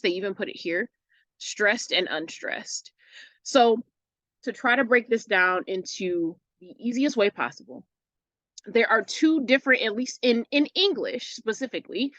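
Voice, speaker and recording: A woman teacher explaining a lesson patiently and casually, often checking in with "right?" and filling pauses with "uh" and "um". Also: medium pitch, fairly bright tone, no room sound, poor audio.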